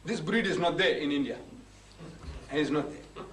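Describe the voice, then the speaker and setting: A man's voice: on the high side, expressive, normal speed, a bit bright, a little hiss or hum. A man giving a religious lecture, pressing the audience with emphatic rhetorical questions. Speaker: Islamic preacher. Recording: echoey room from a distance, faint ambience.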